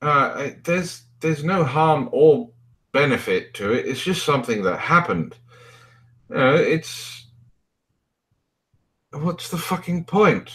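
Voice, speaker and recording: Lively, sarcastic male podcast host. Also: a little high, takes it slowly, pauses often. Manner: sarcastic, swears freely. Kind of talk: casual profane commentary.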